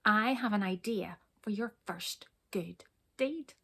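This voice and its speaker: A woman's voice: medium pitch, slow pace, creaky, exaggerated voice. Woman doing a chirpy little storybook tickler. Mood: cheerful. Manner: timid at first, then bright and coaxing. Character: small cheerful male tickler with long arms.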